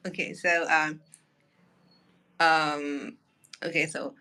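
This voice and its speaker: Giggly woman speaking slowly and brightly. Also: medium pitch. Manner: giggly, hesitant. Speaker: guest. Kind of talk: casual live stream chat.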